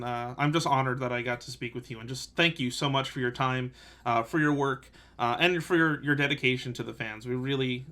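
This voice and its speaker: A man's voice: mid-range voice, sharp tone. A young man hosting a fan interview, eager and gushing, laughing often. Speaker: podcast host, interviewer. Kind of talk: casual interview chat.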